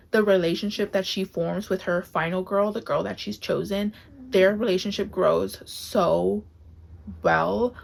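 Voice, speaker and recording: At home on camera, a woman book vlogger reviews books casually, gushing and emotional to the point of nearly crying. Her lowish voice is gravelly, and she says "like" constantly.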